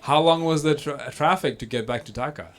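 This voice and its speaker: A man's voice: fairly high pitch, a little fast. A man doing stand-up crowd work, teasing audience members and laughing often. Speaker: stand-up comedian. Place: comedy venue stage. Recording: loud crowd in a live venue.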